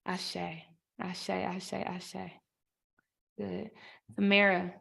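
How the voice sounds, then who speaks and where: A woman's voice: medium pitch, monotone, extremely slow, vocal fry, fairly bright tone. Woman moderator, affirming and easygoing, video-call sound. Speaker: panel moderator. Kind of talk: moderating a panel.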